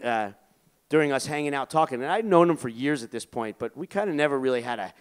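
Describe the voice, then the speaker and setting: A man's voice: mid-range voice, clean tone. A man casually telling a long personal story as an interview guest, rambling with lots of fillers and swearing. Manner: profane, rambling, filler-heavy.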